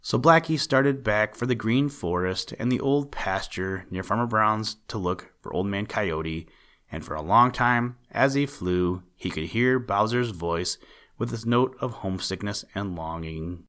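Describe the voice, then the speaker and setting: A man narrating a children's animal story in a measured, gently emphatic storytelling manner. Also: fairly low pitch.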